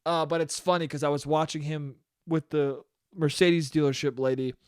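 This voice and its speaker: A man's voice: a little high, steady tone, normal speed, smooth, dry recording, clean studio sound. A young man hosting a solo comedy podcast, rambling and profane, laughing at his own jokes. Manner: slips into mock voices. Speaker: podcast host.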